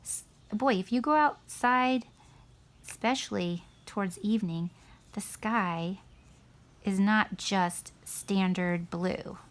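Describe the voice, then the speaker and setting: A woman's voice: medium pitch, takes it slowly. A middle-aged woman teaching a painting lesson to children in a chatty, encouraging way. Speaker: art teacher.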